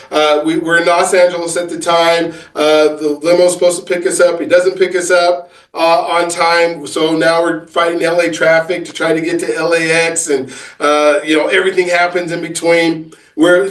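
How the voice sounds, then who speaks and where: A man, an author and business coach, answering interview questions in a halting storytelling way full of fillers and restarts. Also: on the high side, reverberant, distant mic, low-quality recording.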